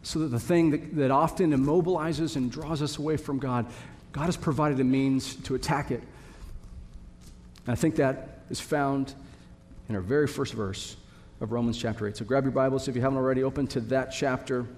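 A man's voice: medium pitch, steady tone, moderate pace, darkish tone, slight background noise. A man preaching a sermon to his congregation, earnest and building to emphatic repetition. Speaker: pastor. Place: church sanctuary. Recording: long reverb of a hall.

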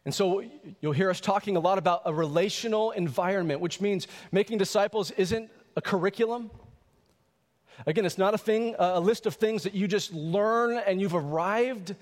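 Preaching man with a high voice. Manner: emphatic preaching, drawn-out key words. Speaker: pastor. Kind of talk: sermon. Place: church sanctuary. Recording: church hall reverb.

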